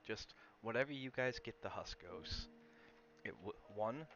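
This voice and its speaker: A man's voice: lowish voice, animated, measured pace, gravelly, a bit bright, dull audio, a little hiss or hum. A man streaming from home, chatting casually with viewers, coaxing his dog and reading aloud.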